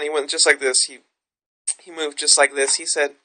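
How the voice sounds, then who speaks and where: A woman's voice: deep voice, little pitch movement, moderate pace, pushed and bright. A woman vlogging to camera, telling a story in a frank, rambling way with plenty of swearing. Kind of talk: candid vlog monologue.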